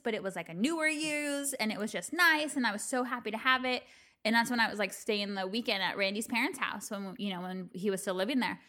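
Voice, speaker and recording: A woman's voice: fairly high pitch, pushed and bright. A woman co-hosting a casual podcast, chatting and agreeing along with her friend and telling her own stories. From Southern California. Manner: chatty, backs up her co-host with quick agreement. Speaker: podcast co-host. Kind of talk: casual chat.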